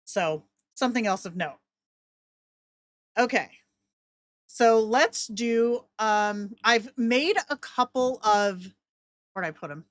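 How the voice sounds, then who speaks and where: A woman walking through a voice software tool in a casual, chatty way, with joking asides to herself. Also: fairly high pitch, slow pace, long pauses, no echo, clean studio sound. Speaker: content creator.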